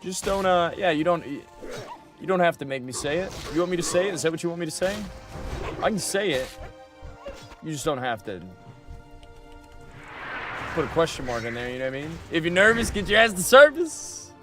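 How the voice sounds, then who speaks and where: A man's voice: a little high, moderate pace, long pauses, over music. A young adult man livestreaming a game, chatting casually and answering his chat, often repeating his own lines. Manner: chatty, talks back to chat, repeats himself.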